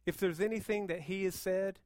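A man preaching a sermon as pastor, moving between hushed, intense passages and loud, fervent appeals. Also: high-pitched, fairly even intonation, moderate pace, dry recording, clean studio sound.

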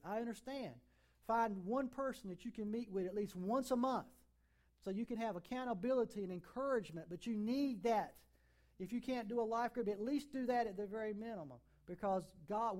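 A middle-aged pastor delivers his sermon in a notably high male voice. He preaches emphatically and drops from loud declarations to near-quiet asides. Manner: emphatic, with sudden swings between loud and soft.

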